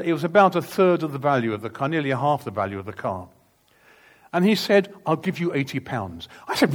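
Older guy preaching, tells a story, gets loud then quiet, fairly high voice. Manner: animated, swings from quiet to loud with laughs. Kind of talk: sermon storytelling.

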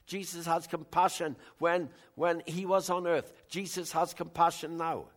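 An older man preaching a sermon in a conversational way, bantering with the congregation, with big swings in loudness. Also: fairly high pitch, flat delivery, a little slow. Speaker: pastor.

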